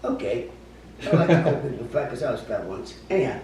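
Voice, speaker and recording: Gruff profane New storyteller man. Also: mid-range voice, very animated, fast, mellow. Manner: gruff, profane, acts out quotes. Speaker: storyteller guest. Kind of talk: casual anecdote telling. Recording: echoey room, distant mic, faint noise.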